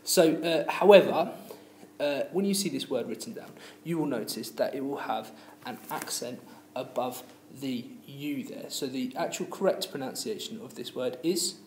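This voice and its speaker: A man's voice: medium pitch, moderate pace, a little mellow. A man teacher explaining pronunciation rules patiently, with many fillers and restarts. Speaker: language teacher. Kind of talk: classroom lesson. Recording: echoey room with faint noise.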